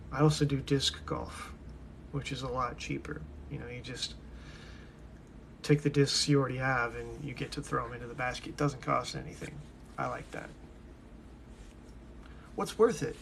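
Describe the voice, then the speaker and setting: Brief: a young male streamer thinking aloud, gravelly and unhurried, drifting topic to topic. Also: medium pitch, fairly bright tone, a little hiss or hum. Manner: musing, talks to himself, drifts between topics. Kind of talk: rambling casual monologue.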